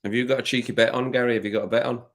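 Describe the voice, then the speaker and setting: A man's voice: mid-range voice, steady tone, very fast. A man vlogging in casual chat, thinking aloud with jokey asides while placing bets.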